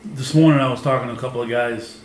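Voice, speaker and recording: A man's voice: mid-range voice, steady tone, fast. A man, co-hosting a casual sports podcast, easygoing and laid-back as he tells stories. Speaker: podcast co-host. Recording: echoey room with faint ambient noise.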